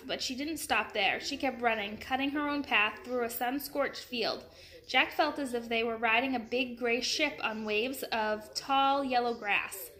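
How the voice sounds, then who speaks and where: A woman reads a children's chapter book aloud, friendly and expressive. Her voice is bright, set a little higher than usual. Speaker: storybook reader.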